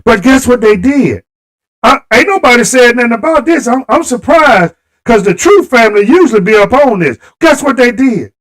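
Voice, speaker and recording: Fired-up high-voiced man ranting on a livestream. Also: lively intonation, normal speed, a bit bright, poor audio. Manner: impassioned, talks straight to viewers. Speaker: live stream host. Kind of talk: livestream political rant.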